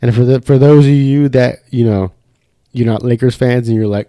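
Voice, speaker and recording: A man's voice: medium pitch, steady tone, normal speed, dark tone, no room sound. A young man hosting a podcast in a studio, ranting loosely and swearing constantly in casual chat. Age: young adult. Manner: profane, ranting, fired up. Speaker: podcast host.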